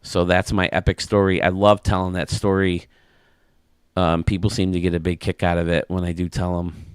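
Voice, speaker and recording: Animated chuckling male storyteller. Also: deep voice, normal speed, smooth, no echo, clean studio sound. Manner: animated, chuckling anecdote-teller. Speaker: gaming channel host. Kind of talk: casual storytelling to camera.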